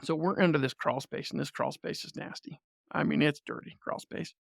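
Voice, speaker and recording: A man with a gravelly edge and a pitch a little above the usual male range tells a family story in a relaxed, chatty way. He laughs often and acts out what people said, and the sound is dry and close. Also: fairly quick, dry recording. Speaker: podcast guest. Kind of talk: casual storytelling.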